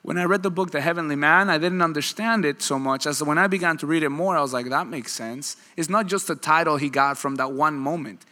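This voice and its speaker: The sermon comes from a male pastor whose slightly high voice is bright and forceful. He keeps things loose and animated, drawing his congregation into quick back-and-forth. The sound echoes with a long reverb, typical of a large church hall.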